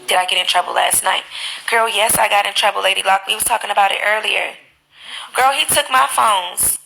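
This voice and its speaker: Animated gravelly-voiced woman streamer. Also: medium pitch, fairly quick, slight background noise, poor audio. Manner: animated, profane storytelling. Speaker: live streamer. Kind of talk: casual live-stream chat.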